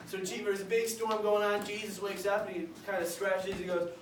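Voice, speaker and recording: A man teaching children a Bible lesson, acting out the characters with bursts of loud shouting. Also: high voice, little pitch movement, a little fast. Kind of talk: animated Bible story lesson for kids. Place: church classroom with children. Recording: echoey room, distant mic, noisy.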